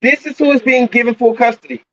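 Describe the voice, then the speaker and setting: A man with a high, bright voice rants into his phone on a live stream, circling back over the same points in an agitated way. The sound is dry and close, with a dull, lo-fi phone quality. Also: steady tone, fast, no echo. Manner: agitated, repetitive ranting, swears often. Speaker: livestreamer. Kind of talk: ranting live stream monologue. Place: outdoors near a coffee shop. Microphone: phone held at arm's length.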